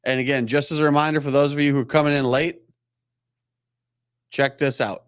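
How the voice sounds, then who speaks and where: A man in his thirties talks through a personal story on his live show. He rambles and laughs at himself, restarts his sentences, and acts out the people he quotes, all at a mid-range pitch. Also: fairly even intonation, fairly quick, clean tone. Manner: rambling, self-deprecating, acts out quoted voices. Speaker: chiropractor hosting a weekly live Q&A. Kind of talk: casual storytelling monologue.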